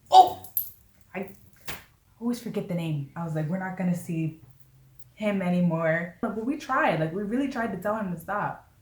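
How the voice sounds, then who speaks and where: A woman tells a story to her camera in a relaxed, chatty way, laughing and slipping into the voices of the people she quotes. Her pitch swings widely as she talks. The sound is roomy and a little distant, as if the mic sits across the room. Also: a little hiss or hum. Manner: animated, laughing, acts out quotes with "I was like". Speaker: vlogger. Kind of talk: casual storytelling. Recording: roomy echo, voice away from mic.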